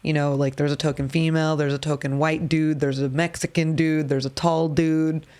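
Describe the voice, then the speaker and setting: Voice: mid-range voice, flat delivery, normal speed, darkish tone. A podcast host in casual chat about a comedy show they are producing, joking and laughing often. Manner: chatty, laughs often, jokey.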